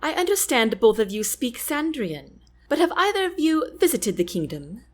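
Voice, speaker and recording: A commanding young queen who speaks with formal, regal phrasing. Her voice sits fairly high and moves a lot in pitch, as a woman narrator puts her on. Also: very animated, moderate pace. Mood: brisk.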